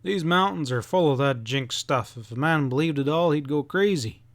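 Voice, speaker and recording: A man voicing a calm, plain-spoken farmer father in an audiobook. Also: on the high side, moderate pace, close to an everyday voice. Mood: easygoing.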